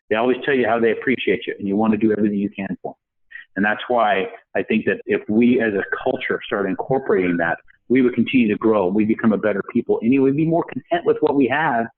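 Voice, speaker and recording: A man's voice: lowish voice, narrow, tinny audio. A man telling a personal story in a podcast interview, acting out the voices of people he quotes. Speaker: podcast guest. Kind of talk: storytelling in a conversation.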